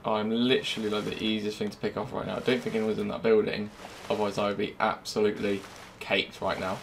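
A young man giving live gameplay commentary, swearing constantly and swinging from low muttering to loud yelling. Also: level tone, fast, creaky, a little hiss or hum. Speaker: gamer. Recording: game music playing under the voice.

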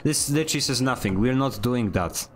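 A man's voice: mid-range voice, fairly quick. A man streaming a video game, chatting casually with playful, mock-dramatic complaints and outbursts. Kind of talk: casual gaming commentary.

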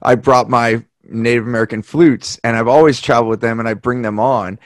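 Here a man hosts a podcast, chatting loosely and spinning stories in which he performs the quoted characters. His voice is mid-range and brisk, captured dry and at studio quality on a podcast mic.

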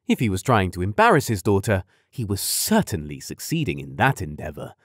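Expressive male audiobook narrator. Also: low voice, normal speed, no echo, clean studio sound. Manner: expressive storytelling, voices each character.

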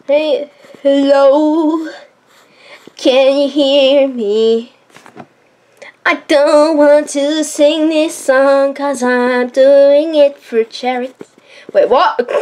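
A woman's voice: high-pitched, a little mellow. A woman vlogger chatting casually while she draws, silly and playful, humming and singing to herself between remarks. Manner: silly, hums and sings to herself. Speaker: drawing vlogger. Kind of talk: casual chat while drawing.

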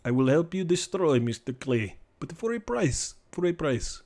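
A man's voice: on the high side, sing-song, moderate pace, darkish tone. A man voicing a scheming male Russian comrade who offers help for a price, in a put-on Russian accent. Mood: sly.

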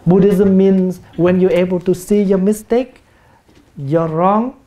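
A man with a Vietnamese accent, a Buddhist monk giving a gentle, humorous dharma talk in a meditation hall. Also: sits high, fairly even intonation, takes it slowly. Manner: gentle, humorous, acts out everyday speech. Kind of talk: sermon.

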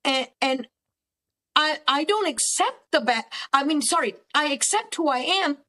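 A woman's voice: high-pitched, animated, measured pace, pushed and bright. A woman therapist guest speaking earnestly and emphatically, often repeating words for stress. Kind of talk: faith-based counselling conversation.

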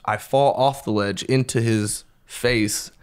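A man guesting on a podcast, telling a story in casual chat, animated and profane, laughing as he goes. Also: slow, smooth. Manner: animated, profane, acts out quotes in a higher voice; laughs through his telling.

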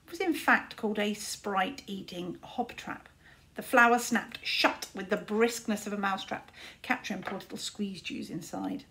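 A woman teacher reading a children's book aloud with expressive storytelling. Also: mid-range voice, normal speed.

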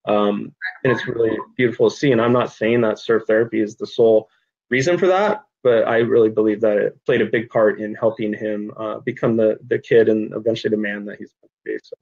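A man's voice: on the low side, steady tone, a little fast, vocal fry, darkish tone, breathy edge, dull audio. A middle-aged man, a nonprofit director, telling stories earnestly in an interview, with frequent ums. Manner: earnest storyteller, frequent ums, gets choked up. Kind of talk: interview conversation.

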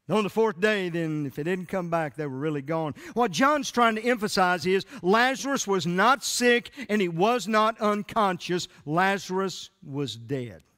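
A man preaching a sermon as pastor, with emphatic rising peaks and drawn-out soft endings, streamed from a church sanctuary. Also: high-pitched. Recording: church live stream with long hall reverb.

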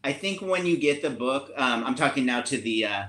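A man's voice: mid-range voice, animated, brisk, sharp tone, reverberant. Playful man reading a picture book. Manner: playful, laughing, jokey. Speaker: author reading his book. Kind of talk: picture-book read-aloud and chat.

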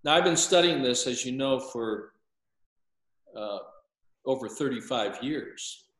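A man's voice: mid-range voice, expressive, takes it slowly, fairly bright tone, roomy sound, low-quality recording. An older man explaining at length as an interview guest, hesitant, with frequent filler sounds and restarts. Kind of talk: lecturing explanation.

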